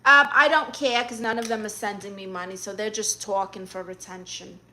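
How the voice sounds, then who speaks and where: A woman's voice: mid-range voice, fairly even intonation, moderate pace, sharp tone. A young adult woman hosting a livestream, reading chat messages aloud and answering with sassy, teasing comebacks.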